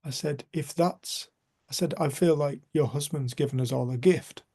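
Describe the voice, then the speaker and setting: Guy on a video call, mellow voice, earnest story, goes real quiet sometimes. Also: on the high side, normal speed, husky. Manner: earnest, heartfelt, drops to a near-whisper. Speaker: group facilitator. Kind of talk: personal storytelling.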